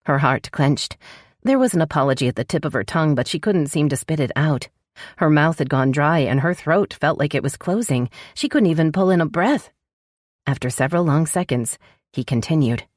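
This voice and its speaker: Low-voiced woman narrating a romance audiobook. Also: normal speed, no room sound, studio quality. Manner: expressive, voices dialogue with sharp pitch jumps.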